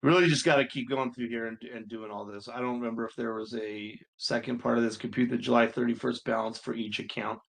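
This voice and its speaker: Guy instructor going over accounting homework, gravelly voice, chill and thinking out loud, kinda fed up sometimes. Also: medium pitch, steady tone, fast talker, few pauses. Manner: casual, thinking aloud, mildly exasperated. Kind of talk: screen-recorded homework walkthrough.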